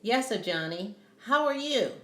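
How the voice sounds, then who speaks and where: A woman's voice: fairly high pitch, big pitch swings, moderate pace, voice pushed up. A woman reading the lines of an eager young woman talking to a friend, her voice raised. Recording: roomy echo.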